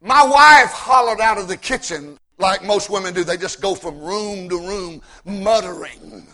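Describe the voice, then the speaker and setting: A man preaching a sermon in a folksy, joking way, repeating words as he builds up and rising to shouts at his high points. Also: unhurried. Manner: repeats words when starting sentences.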